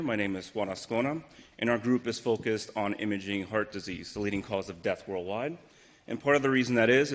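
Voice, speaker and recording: Low-voiced man giving a brisk science talk. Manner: brisk, technical, some fillers. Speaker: research presenter. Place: lecture hall. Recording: long reverb of a hall.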